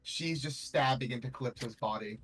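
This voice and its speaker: A man's voice: medium pitch, fairly quick, fairly bright tone, slight background noise, rough recording. A man narrating as game master in a tabletop game, loose and full of fillers. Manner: loose, filler-heavy storytelling.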